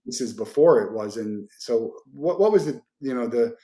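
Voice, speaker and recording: A man's voice: mid-range voice, expressive, normal speed, dark tone. A man hosting a podcast who asks casual, rambling questions full of "you know" and "like". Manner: rambling, with many "like" and "you know" fillers and restarts. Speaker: podcast host.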